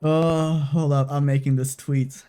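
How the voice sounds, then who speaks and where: A woman's voice: sits low, little pitch movement, measured pace, warm tone. A young adult woman streaming a game live, talking emotionally and swearing freely as she repeats herself. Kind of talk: live-stream gaming commentary.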